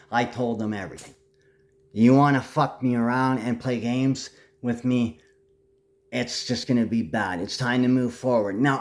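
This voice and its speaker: A man talking to the camera in a rambling monologue, angry and threatening, swerving between calm talk and shouting. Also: medium pitch.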